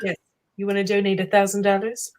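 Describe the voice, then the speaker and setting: A woman's voice: mid-range voice, completely flat delivery, fast, darkish tone. A woman co-hosting a livestream in casual chat, bubbly and giggly, teasing her guests over a video call. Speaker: livestream co-host.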